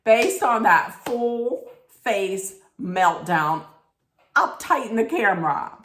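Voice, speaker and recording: A woman's voice: mid-range voice, big pitch swings, slow, fairly bright tone, reverberant. A woman giving a snarky, blunt recap straight to her viewers, emphatic and sarcastic. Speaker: reality TV recap vlogger.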